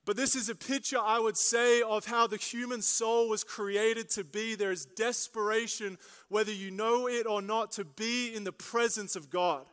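A young male pastor preaches with a high, bright voice, mixing playful asides and stories into his sermon. His voice rings out with a long reverb through a large church hall. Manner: animated storytelling with jokes and asides.

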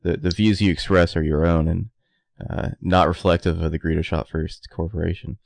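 Man, very low voice, gravelly fry, dry close sound, deadpan podcast co-host, passive-aggressive banter. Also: normal speed, no echo.

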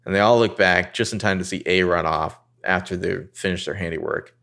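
A man co-hosting a casual podcast, recapping a TV episode and quoting the characters in excited voices. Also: fairly quick, gravelly. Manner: animated, jumps into high voices quoting characters.

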